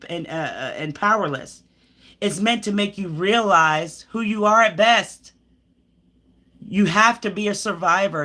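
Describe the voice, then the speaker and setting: Here a woman of medium pitch and fairly bright tone leads a live tarot session as a spiritual pep talk. She lectures the viewer directly and emphatically, wandering off track, sighing and starting over.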